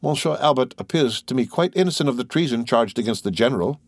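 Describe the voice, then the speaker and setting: Guy doing a timid sweet young girl, voice pushed up high, soft and nervous, audiobook. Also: lively intonation, fast, dry recording, clean studio sound. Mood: anxious. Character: timid gentle young woman, sweet and anxious.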